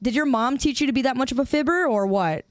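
Young woman streamer, bright higher register, playful mock-outrage at chat, close dry mic. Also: fast talker, no room sound. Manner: playful, teasing, mock-indignant banter with chat. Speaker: game streamer. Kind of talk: casual live-stream chat. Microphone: desk streaming mic with headphones.

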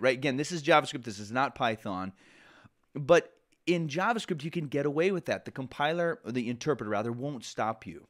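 A man teaching a programming lesson in a conversational way, often restarting sentences and adding asides. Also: mid-range voice. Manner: conversational, self-correcting, with frequent asides. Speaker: programming instructor. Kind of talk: casual lecture.

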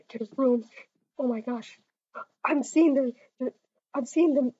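A woman playing a game with a friend, giggling and excitedly talking to the characters on screen. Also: sits high, normal speed, long pauses. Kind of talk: casual gameplay chatter. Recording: muffled lo-fi dry recording.

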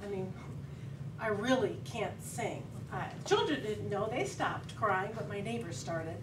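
A middle-aged woman giving a humorous contest speech, telling a lively story with laughing asides. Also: mid-range voice, measured pace. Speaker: contest speaker. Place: meeting hall with audience. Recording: echoey hall, distant mic, background noise.

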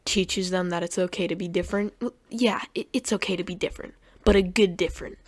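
Sarcastic young woman reacting to clips, mid-pitched, dry close recording. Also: fairly even intonation, brisk, few pauses, darkish tone, no echo. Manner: sarcastic, mocking, stumbles over words. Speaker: commentary youtuber.

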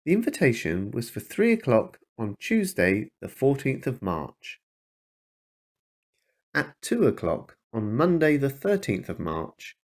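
A man reading a children's picture book aloud to his toddler, slow and emphatic, with a husky voice. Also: medium pitch. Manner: slow, emphatic read-aloud with lively ups and downs. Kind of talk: children's storybook read-aloud.

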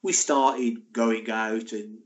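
A man in his sixties, a former footballer, telling stories in a casual interview in a chatty, animated way. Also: medium pitch, takes it slowly. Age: 60s. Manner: chatty, animated, laughing anecdotes.

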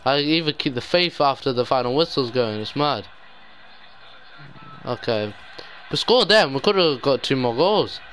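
Glum young gamer muttering. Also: male voice, mid-range voice, expressive, unhurried, a bit bright, faint music behind. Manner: despairing, muttering, sudden outbursts. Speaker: gaming YouTuber. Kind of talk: live gameplay commentary.

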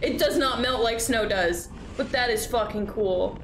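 A young woman streaming, chatting casually while reacting to videos, excitable and swearing freely. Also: a little high, a little slow, a crowd in the background.

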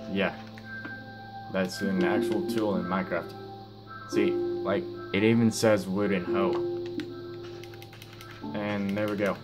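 A teenage boy with a low, deep voice talks slowly through his gameplay, halting and restarting with lots of fillers. His mouth is sore after dental surgery, and guitar music plays under his voice. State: sore mouth after wisdom teeth removal. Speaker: gaming YouTuber. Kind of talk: casual gameplay commentary.

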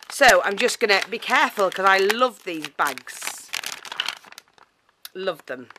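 A woman's voice: medium pitch, slow pace, long pauses, background noise. A woman chatting casually to camera as she unboxes a parcel, gushing and a little out of breath. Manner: excitable and chatty, many fillers, gushing thanks. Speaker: craft vlogger.

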